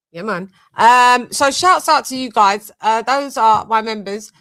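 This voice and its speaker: A woman's voice: fairly high pitch, unhurried, few pauses, dry recording. Chatty woman hosting a boxing live stream. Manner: chatty, sings snatches and shouts out members. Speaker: boxing channel host. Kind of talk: casual live-stream chat.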